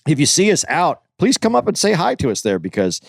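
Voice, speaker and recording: A man's voice: fairly high pitch, a little fast, vocal fry, slightly rough, no room sound, studio quality. A man co-hosting a podcast, telling stories in casual chat and acting out quotes. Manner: animated storyteller, acts out quotes. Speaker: podcast co-host.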